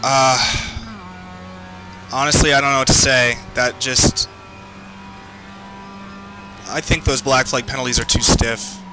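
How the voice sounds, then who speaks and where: A man's voice: medium pitch, fairly even intonation, takes it slowly, long pauses. Frustrated man ranting while sim racing. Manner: frustrated, swearing, yelling at other drivers. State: heart racing, worked up. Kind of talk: live racing commentary. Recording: game music underneath. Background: game music and engine noise.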